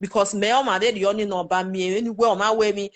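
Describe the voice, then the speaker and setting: A woman's voice: medium pitch, steady tone, fast. A woman with a Nigerian Pidgin accent giving casual live commentary to her viewers, chatty and exclamatory, talking straight to them. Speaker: social media commentator.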